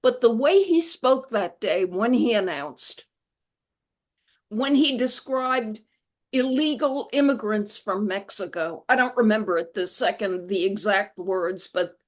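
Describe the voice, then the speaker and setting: A woman being interviewed as an author, telling stories in a reflective, measured way. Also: medium pitch, lively intonation. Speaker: guest author. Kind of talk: conversational interview.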